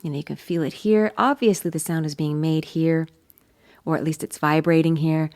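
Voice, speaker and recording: A woman's voice: deep voice, fairly even intonation, moderate pace, darkish tone. A woman teaching as a voice coach, explaining patiently and encouragingly. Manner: demonstrates hums between explanations. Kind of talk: vocal coaching lesson.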